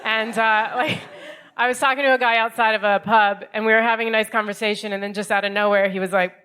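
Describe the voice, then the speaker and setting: An American woman in her thirties performing stand-up comedy in a club, wry and deadpan, acting out other people's lines. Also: mid-range voice, fast talker, smooth. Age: 30s.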